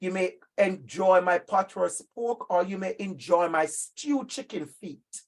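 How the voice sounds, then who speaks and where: A middle-aged man with a Jamaican accent leads a training session for teachers. His delivery is emphatic and animated, and he often calls on listeners by name as he speaks. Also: sits high, measured pace. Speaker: workshop presenter for teachers. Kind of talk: lively professional-development talk.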